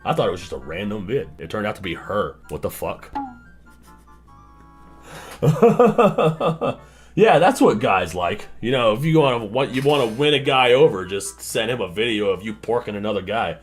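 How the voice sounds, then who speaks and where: A man's voice: fairly low pitch, big pitch swings, normal speed, breathy edge, faint music behind. A young man streaming a reaction, swearing and exclaiming in disbelief as casual commentary. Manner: incredulous, profane, exclaiming.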